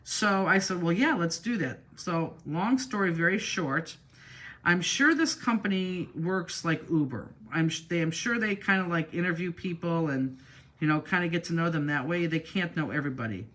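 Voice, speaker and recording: A woman's voice: fairly low pitch, lively intonation, moderate pace, fairly bright tone. A woman teaching a crafting class live, telling a long rambling story while she works and acting out what other people said. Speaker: crafting instructor.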